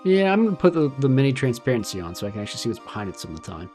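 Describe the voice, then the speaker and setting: A young man chats casually as he streams a game, thinking out loud with small restarts and fillers. His pitch moves a lot from line to line, and faint game music plays under his voice. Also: very animated, rapid-fire, few pauses. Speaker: VTuber streamer. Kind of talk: casual gameplay commentary.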